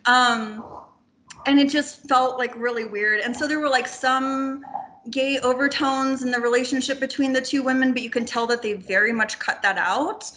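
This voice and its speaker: A woman's voice: high voice, normal speed. A woman guest on a film podcast, talking casually and rambling with lots of "like" and the odd swear word. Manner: animated, rambling, heavy filler "like", swears casually.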